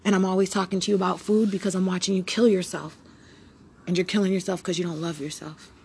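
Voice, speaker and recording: A woman hosting her own podcast in a rambling, preachy motivational monologue that swings between loud and hushed. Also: fairly low pitch, steady tone, fast talker, gravelly, breathy edge. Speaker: podcast host.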